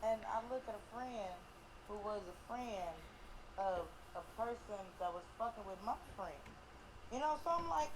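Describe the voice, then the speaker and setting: A woman's voice: a little high, animated, normal speed, noisy background. Young woman, early twenties, interview guest; blunt, swears freely, emphatic delivery. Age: 20s. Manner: blunt, profane, emphatic storyteller. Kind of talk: casual storytelling in an interview.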